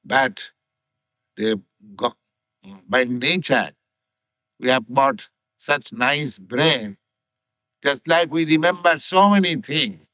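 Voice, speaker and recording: Older indian guy giving a slow scripture talk, really deliberate, bright forceful voice, dry old tape sound. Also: mid-range voice, no echo, muffled recording. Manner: slow, deliberate, repetitive phrasing with many pauses. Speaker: spiritual teacher. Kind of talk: scripture lecture. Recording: archival 1960s lecture tape.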